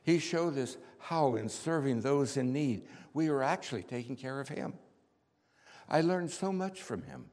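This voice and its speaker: A man's voice: medium pitch, animated, measured pace. A man playing impulsive, earnest Peter. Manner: heartfelt storytelling, rising to shouts. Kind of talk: dramatic first-person monologue. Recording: long hall reverb.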